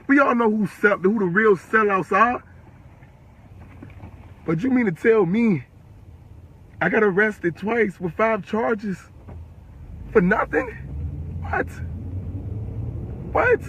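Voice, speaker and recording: A man's voice: high voice, very animated, takes it slowly, long pauses, fairly bright tone, a little hiss or hum, rough recording. An eighteen-year-old man from the Chicago area, ranting on a livestream, furious and profane, repeating himself. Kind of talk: angry livestream rant.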